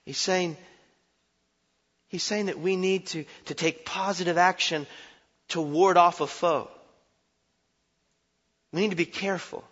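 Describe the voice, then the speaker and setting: Animated preacher man in a reverberant hall. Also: high-pitched, measured pace, pauses often. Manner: animated, shifts from shouted warnings to quiet reflection, self-deprecating humor. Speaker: pastor. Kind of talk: sermon. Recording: dull sound with long hall reverb.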